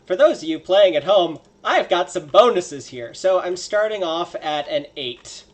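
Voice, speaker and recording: A man's voice: high voice, lively intonation, measured pace. A man playing a tabletop game, joking and walking through dice bonuses. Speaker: player. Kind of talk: casual tabletop game chat.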